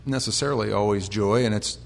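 An American man preaching a conversational Bible sermon, chatty with restarts, sometimes building to loud, impassioned storytelling. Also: lowish voice, brisk, creaky. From United States. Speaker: pastor.

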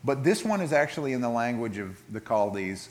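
A man preaching a sermon in a conversational way, retelling scripture with lively asides and frequent restarts. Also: mid-range voice, fairly quick. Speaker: pastor.

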